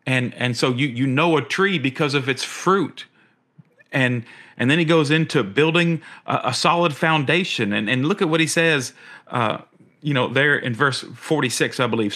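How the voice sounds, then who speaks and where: A middle-aged man preaching a sermon as a pastor, earnest, often repeating his words and rising in pitch when he asks questions. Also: expressive, normal speed, bright, forceful tone.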